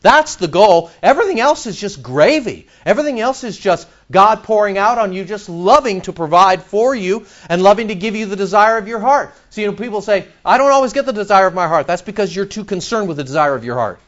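A male pastor preaching in a church. He is animated, with sudden loud outbursts and mock back-and-forth dialogue. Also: high-pitched, brisk, few pauses, dull audio. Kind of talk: sermon.

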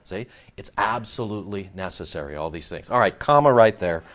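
A man preaches a sermon at a brisk pace, reading scripture aloud, explaining it and cracking jokes. He swings between low asides and excited outbursts, captured on a dull lo-fi recording.

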